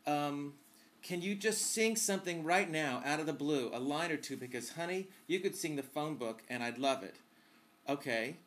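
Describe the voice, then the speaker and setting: A man's voice: on the high side, fairly bright tone, slight background noise. Chatty, campy man hosting a vlog. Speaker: vlog host answering viewer questions. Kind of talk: casual Q&A vlog.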